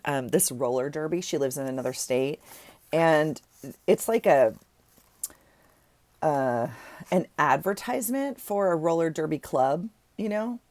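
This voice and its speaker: Her voice is low and darkish, recorded with no room sound. This woman vlogger sorts through journaling supplies at her desk, chatting and rambling in a loose way and often correcting herself.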